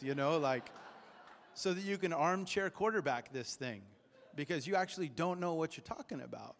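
A pastor preaches a sermon in a church sanctuary, keeping it conversational and jokey and acting out the voices of the people he quotes. His voice sits high with a fairly bright tone at normal speed. The sound carries a long reverb tail.

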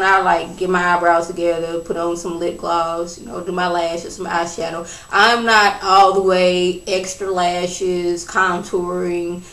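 A woman giving a casual, sassy recap of a reality show, chatting in a lively storytelling way. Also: lowish voice, reverberant, rough recording.

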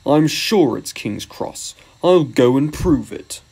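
A man's voice: sits high, wildly swooping pitch, slow, gravelly, voice pushed up, heavily acted. A man voicing a proud, grumpy big male steam engine in a storybook reading, cross and boastful. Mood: grumbling.

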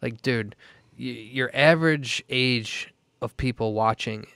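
A man's voice: mid-range voice, takes it slowly, a bit bright, clear, resonant tone, no room sound. A man co-hosting a podcast, blunt and teasing in casual chat. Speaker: podcast co-host.

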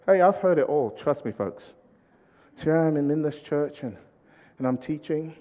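High-voiced British preacher in echoing hall. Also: male voice, animated, moderate pace. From Britain. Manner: comic storytelling, mimics congregations with shouts. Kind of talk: sermon. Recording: reverberant hall.

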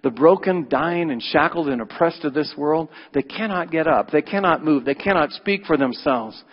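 Male pastor, fairly high voice, emphatic Easter sermon with big swings from loud to hushed; dull recording in a church with a long echo. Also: moderate pace, husky. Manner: emphatic preaching, swings between loud rises and quiet drops. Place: church sanctuary.

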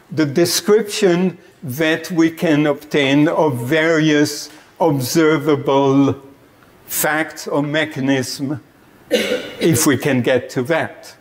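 Slow, deliberate male lecturer. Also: fairly high pitch. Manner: deliberate, checks in with "Okay?", light chuckles. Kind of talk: academic lecture. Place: meditation center classroom.

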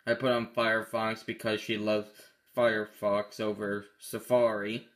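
Hosting his own tech channel, a man walks through a computer demo in a fairly low, flat voice, speaking a little slowly. His manner is offhand and rambling, and he often corrects himself mid-sentence.

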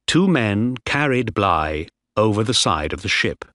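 A man reads a storybook aloud in a clear, measured storytelling voice. His pace is slow, his pitch rises and falls expressively, and the voice is slightly low. The recording is dry and close. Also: sing-song, bright, forceful tone, no room sound. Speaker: narrator. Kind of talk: audiobook reading of a graded reader.

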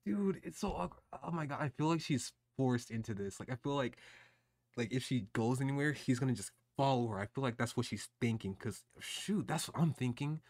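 A young man hosting a reaction video in a casual, animated way, with frequent outbursts and a lot of "dude". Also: medium pitch, brisk, no room sound, clean studio sound. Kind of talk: excited casual reaction commentary.

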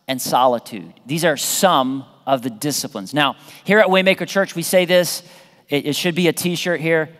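Southern-born male pastor, raised-pitch voice, chatty preaching with repeated phrases, long church-hall reverb. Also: normal speed. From Southern United States. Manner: animated, conversational preaching with repeated phrases and restarts. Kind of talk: sermon. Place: church sanctuary.

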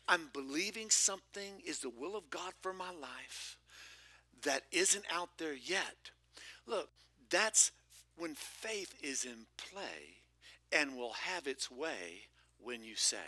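In a church sanctuary, a pastor preaches a lively sermon, swinging from loud exclamations to hushed whispers with playful asides. His voice sits high, his pace is measured, and there's no echo.

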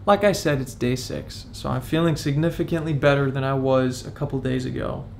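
A man's voice: medium pitch, steady tone, a little fast, gravelly, a little hiss or hum. A young man in his twenties opening up in a confessional vlog, candid and reflective, talking as if close to tears. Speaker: vlogger.

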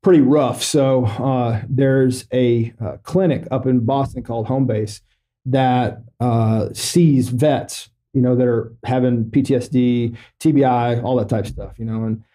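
A middle-aged man, a military veteran, tells his story on a podcast in a mellow, warm voice. He jokes dryly about grave things, and his speech is loose and halting, full of fillers. His pitch sits in the usual middle range for a man. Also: fairly even intonation. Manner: wry, joking matter-of-factly about grave events. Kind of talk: casual storytelling in a podcast interview. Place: podcast studio.

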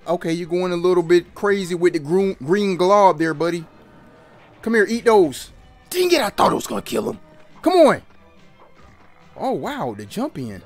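A man giving excited, trash-talking commentary while playing a fighting game, yelping and laughing often. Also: sits high, normal speed, faint music behind. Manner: animated, yelps and laughs, trash-talks the opponent. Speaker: gaming channel host.

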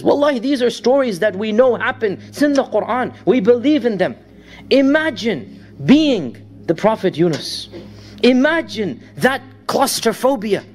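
Male preacher with a higher voice: dramatic sermon storytelling, shifts from raised to low solemn tones, quick verse recitation. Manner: recites Arabic verses fast.

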